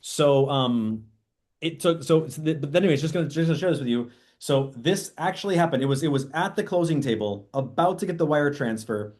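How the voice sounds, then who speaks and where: A man teaching real estate agents in an animated training talk, often acting out quoted dialogue. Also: a little high, a little fast.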